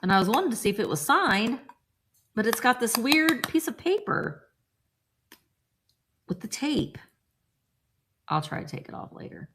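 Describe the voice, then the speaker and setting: A woman's voice: fairly high pitch, big pitch swings, a little slow, long pauses, a bit bright. A woman hosting a live-chat vlog, showing thrifted finds and chatting casually with viewers by name. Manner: chatty, reads out viewer names, playful voices. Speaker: vintage reseller host.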